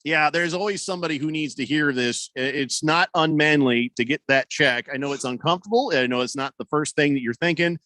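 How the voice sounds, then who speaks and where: A man's voice: fairly high pitch, brisk, few pauses, pushed and bright, no echo. A man hosting a sports radio show, chatting casually and reading listener messages in a rambling, wry way. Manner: rambling, self-correcting, wry. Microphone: studio broadcast mic.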